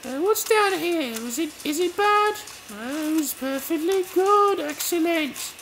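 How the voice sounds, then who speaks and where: A woman muses aloud through her game in a slow, unhurried way, her pitch high and bouncing around a lot. Her chatty self-talk sits over a steady bed of background noise. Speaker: gameplay video host. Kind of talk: let's play commentary. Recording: noisy home recording.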